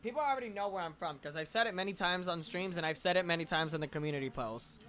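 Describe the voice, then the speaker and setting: A man's voice: sits high, fast, pushed and bright. A man from Puerto Rico chatting on a stream, joking and swearing in a laid-back way. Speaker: roleplay group member on a stream. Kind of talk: casual stream chat.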